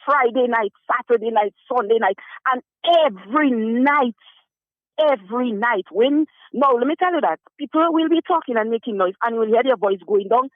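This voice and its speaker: A man's voice: very high voice, brisk, hardly any pauses, no echo. A man calling in to a radio show, speaking in an urgent, pleading, repetitive way. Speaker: caller. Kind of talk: call-in radio complaint. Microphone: telephone. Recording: tinny dry phone line.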